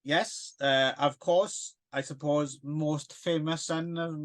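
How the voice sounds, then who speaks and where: A man's voice: a little high, steady tone, takes it slowly, fairly bright tone. A man co-hosting a casual film podcast, rambling and hesitant with plenty of fillers and self-deprecating asides. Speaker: podcast co-host.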